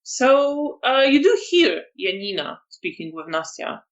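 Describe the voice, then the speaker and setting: A woman's voice: on the high side, big pitch swings, a little slow. Lady game master, um-ing her way through, kinda muffled lo-fi sound. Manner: easygoing, hesitant with fillers. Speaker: storyteller. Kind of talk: running a tabletop game.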